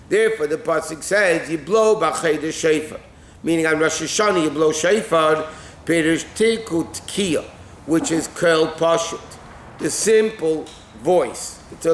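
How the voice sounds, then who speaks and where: A rabbi with a somewhat high voice leads a class, translating and explaining each phrase in turn and checking in with "okay?" along the way. He sounds like he is in a roomy, echoing classroom, with faint background noise under the talk. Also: a bit bright. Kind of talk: text-based Torah class. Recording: echoey room with faint ambient noise.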